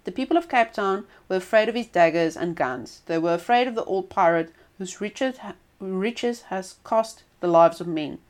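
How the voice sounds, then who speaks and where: A woman's voice: mid-range voice, normal speed. Woman reading a folk tale aloud. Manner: expressive reading with small restarts. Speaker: storyteller.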